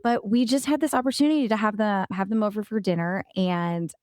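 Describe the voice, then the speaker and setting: A woman's voice: medium pitch, fairly quick, dry recording, clean studio sound. A woman in her thirties co-hosting a podcast, chatting casually and acting out quotes as she tells a family story. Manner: animated storyteller, acts out quotes. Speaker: podcast co-host. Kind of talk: casual chat.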